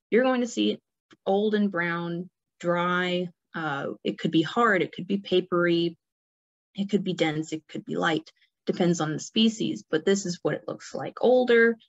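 Woman, nature center presenter, relaxed lecture, lots of fillers, lowish voice, muffled lo-fi sound. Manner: relaxed, many fillers and restarts. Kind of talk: informal illustrated lecture. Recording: dull lo-fi recording.

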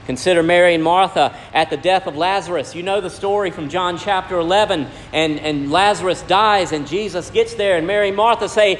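Preacher with ringing hall echo. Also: male voice, high voice, fairly quick, hardly any pauses, slight background noise. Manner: preaching with sharp swings between loud and hushed lines. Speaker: pastor. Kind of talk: sermon. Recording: long hall reverb with faint ambience.

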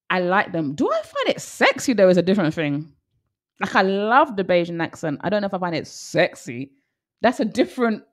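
Playful teasing woman co-host. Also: fairly low pitch. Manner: playful, teasing, laughs often. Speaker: radio show co-host. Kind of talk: casual banter.

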